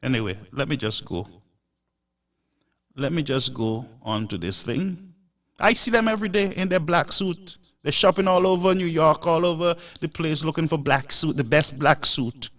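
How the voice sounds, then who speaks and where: A man's voice: fairly high pitch, expressive, normal speed, a bit bright, distant mic. A man hosting a live show, delivering an emphatic, preachy monologue full of rhetorical asides.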